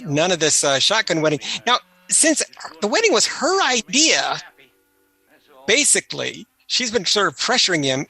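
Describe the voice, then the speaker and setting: A chatty man talks through an old movie on a commentary track, swapping trivia and anecdotes in a casual, easygoing way. His voice sits a little high and sounds bright and forward. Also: big pitch swings, normal speed, gravelly, breathy edge, faint music behind. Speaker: film commentary host.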